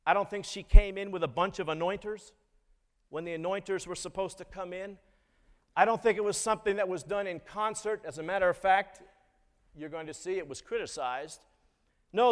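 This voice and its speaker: A man preaching a sermon in a measured way, often putting questions to the congregation. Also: high-pitched, long reverb tail. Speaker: pastor.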